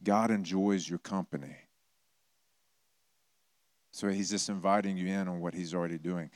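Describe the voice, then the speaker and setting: A man's voice: low voice, fairly even intonation, normal speed, no echo. A middle-aged man preaching a sermon in a conversational way, acting out quoted voices with touches of humor. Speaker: pastor.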